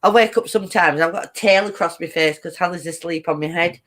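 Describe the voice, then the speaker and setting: Giggly chatty woman with a low voice. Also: fast talker, fairly bright tone. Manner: chatty, giggly, reads out viewer comments. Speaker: host of a live chat stream. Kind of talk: casual live-stream chat.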